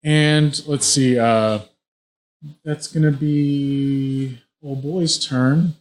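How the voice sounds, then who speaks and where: Male game master, mid-pitched voice, vivid play-by-play narration. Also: steady tone, very slow. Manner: vivid play-by-play with frequent restarts.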